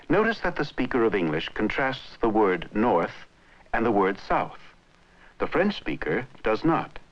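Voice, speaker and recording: A man narrating an educational film in a clear, measured way. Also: fairly low pitch, very animated. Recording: muffled old film soundtrack.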